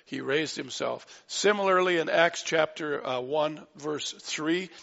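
A man's voice: fairly high pitch, steady tone, slow, vocal fry, fairly bright tone. A man preaching a sermon, fervent, rising to exclaim lines of scripture. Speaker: pastor. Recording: dull sound in a reverberant hall.

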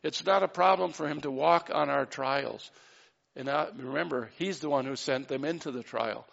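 A man's voice: fairly high pitch, normal speed, creaky, a bit bright, muffled recording. A man preaching a sermon in an earnest way, with light asides and acted-out quotes. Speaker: pastor.

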